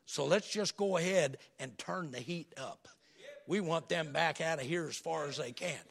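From the pulpit, a pastor delivers a sermon full of folksy stories. His high, raspy, gravelly voice sounds bright and slightly strained, and he stays animated at a normal pace throughout.

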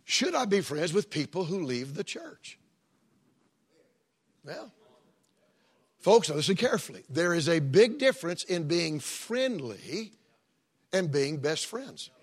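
Middle-aged man, pastor, husky, chatty sermon delivery with asides. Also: a little high, big pitch swings, slow pace, pauses often. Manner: folksy, conversational preaching with joking asides.

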